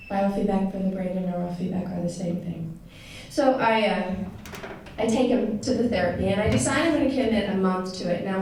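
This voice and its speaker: A woman's voice: medium pitch, darkish tone. A woman tells a personal story to an audience in a conversational, heartfelt way, with many fillers and self-corrections. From United States. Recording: echoey room, voice picked up from a distance with some noise.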